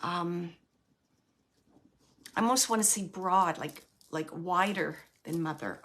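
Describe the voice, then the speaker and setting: A woman's voice: on the low side, takes it slowly, pauses often, fairly bright tone, slight background noise. A woman medium giving a live reading, chatty and searching, with many fillers as she relays messages from the spirit. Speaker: medium and show host.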